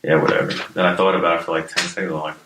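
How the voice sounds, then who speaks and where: A man with a lowish voice spins loose stories, full of fillers and casual swearing. The room around him sounds roomy with echo, and a faint hiss sits underneath. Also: level tone, very fast. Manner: laid-back, swears freely, lots of fillers. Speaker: guest, hardcore musician. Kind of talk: casual storytelling interview.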